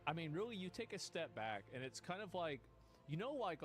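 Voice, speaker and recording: A man's voice: mid-range voice, sing-song, fairly quick, faint music behind. Profane mocking man reacting to footage. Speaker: commentator reacting to bodycam footage. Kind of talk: crude reaction commentary.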